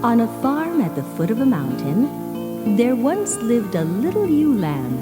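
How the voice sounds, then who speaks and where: A woman reading a children's storybook aloud in an unhurried, expressive way. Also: a little high, loud music behind the voice.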